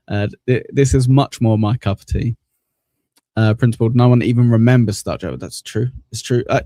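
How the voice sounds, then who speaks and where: A man's voice: mid-range voice, moderate pace, mellow, dry recording, studio quality. Rambling male livestream host. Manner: rambling, repeats himself, laughs often. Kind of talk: casual livestream commentary.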